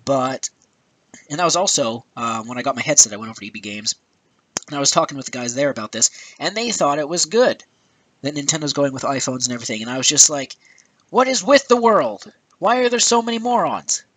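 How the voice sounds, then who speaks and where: A man's voice: medium pitch, fast talker, a bit bright, rough recording. A man hosting a gaming video, ranting angrily and swearing often with exasperated sighs, recorded on a headset with some static. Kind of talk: angry rant. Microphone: new headset.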